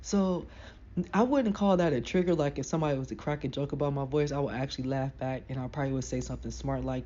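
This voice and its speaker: A woman with a deep voice giving casual, frank motivational advice to camera. She talks emphatically, in slang. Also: fast talker, dark tone, dull audio. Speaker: self-help vlogger.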